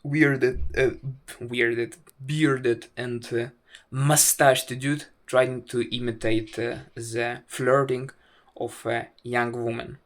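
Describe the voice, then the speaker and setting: Slow, halting young man. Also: medium pitch, little pitch movement. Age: 20s. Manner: halting, full of "uh" fillers and restarts; wry, self-mocking. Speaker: vlogger. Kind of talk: casual storytelling to camera.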